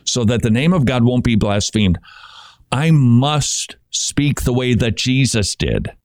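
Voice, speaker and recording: A man hosting a faith talk show speaks earnestly about scripture, his pitch rising and falling in a lively way. He often stumbles, repeats words and restarts his thoughts. The sound is dry and close, with no room around it. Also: a little slow, no echo. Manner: earnest, stammers and restarts when thinking. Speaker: Christian podcast host. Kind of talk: casual Bible commentary.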